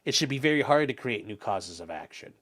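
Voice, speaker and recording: A man's voice: mid-range voice, animated, brisk, a bit bright. A young man hosting a casual livestream, rambling through legal talk and viewer comments with plenty of fillers and restarts.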